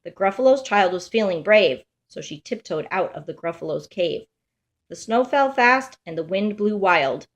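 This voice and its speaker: A woman reading a children's picture book aloud in a lively, sing-song rhyming way. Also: medium pitch, moderate pace. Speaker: storybook reader.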